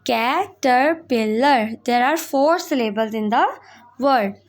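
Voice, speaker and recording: High-voiced woman teacher. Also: lively intonation. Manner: slow, drawn-out words for pronunciation practice; switches quickly between English and Hindi explanations. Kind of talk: classroom lesson video.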